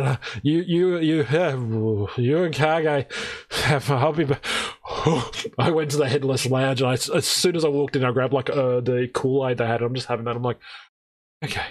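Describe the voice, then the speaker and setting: A man telling a story on a podcast, swearing freely and acting out what people said. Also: medium pitch. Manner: swearing, animated, acts out quoted voices. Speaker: podcast co-host. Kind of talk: casual storytelling chat.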